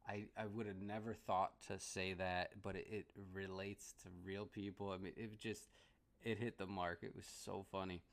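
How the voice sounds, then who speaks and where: A man with a fairly low voice talks through a movie review in a loose, casual way. He rambles, doubles back on his sentences and breaks into laughter often. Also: little pitch movement, normal speed.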